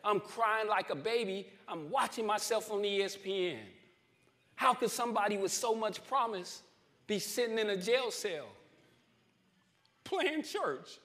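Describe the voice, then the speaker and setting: A man's voice: sits high, normal speed, bright, forceful tone. A man preaching his testimony in church, with emphatic repeats and call-and-response swells toward the congregation. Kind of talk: testimony sermon.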